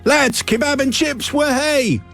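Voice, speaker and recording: A man's voice: very high voice, unhurried, a bit bright, faint music behind, pitched above the performer's own voice, heavily acted. A man putting on a Cockney accent to play a rowdy, drunk young lout on a train, cheeky and leering. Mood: cheering. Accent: put-on Cockney.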